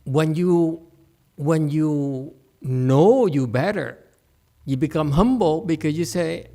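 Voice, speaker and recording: A man's voice: on the high side, slow, mellow. A man teaching a meditation class in a humorous dharma talk, teasing his listeners and asking them to agree. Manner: teasing, joking, asks the audience for agreement.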